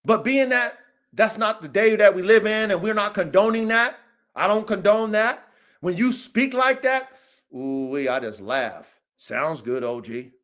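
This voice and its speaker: A man's voice: sits high, expressive, measured pace, a bit bright. A man hosting a dog podcast livestream, delivering a heated, profane rant with repeated callouts. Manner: fiery, repetitive, swears a lot, keeps saying "O G". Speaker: dog breeder and podcast host. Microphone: livestream mic.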